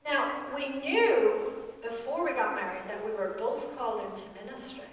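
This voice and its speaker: A feisty, animated woman in her sixties, a pastor's wife giving a guest sermon in a church, often laughing as she talks. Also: on the high side, moderate pace. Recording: echoey hall, mic from far off.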